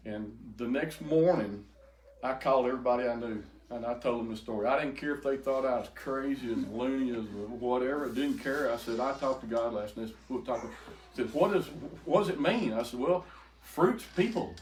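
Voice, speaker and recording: An older man telling an emotional personal testimony to a group, halting and repeating words as he goes. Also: medium pitch, a little mellow. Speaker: speaker giving a testimony. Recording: echoey room, faint noise.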